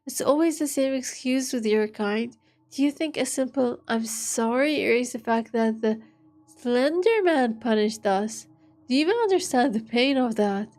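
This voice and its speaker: A woman reading the lines of an angry, mocking young man, slow and sneering. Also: a little high, animated, a little mellow. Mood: mocking anger.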